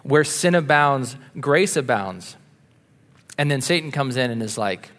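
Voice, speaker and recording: A man preaching a sermon, earnest and insistent, moving between punchy emphasis and quiet asides. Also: mid-range voice, lively intonation, a little slow, in a large hall. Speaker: pastor.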